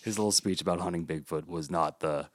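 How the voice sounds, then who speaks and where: A man casually reviewing a movie with friends on a podcast, animated and full of profanity. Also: deep voice, quick pace, no room sound, clean studio sound. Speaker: podcast host.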